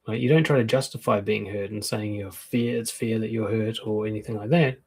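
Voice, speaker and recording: A man's voice: on the low side, fairly even intonation, brisk, few pauses, darkish tone, breathy edge. A man coaching on relationships in a live-streamed talk, frank and conversational, acting out quoted comebacks.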